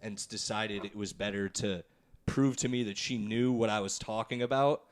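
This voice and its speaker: A man's voice: on the low side, fairly even intonation, moderate pace. A young man hosting a podcast, telling a story in a rambling, laughing, profane way. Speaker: podcast host.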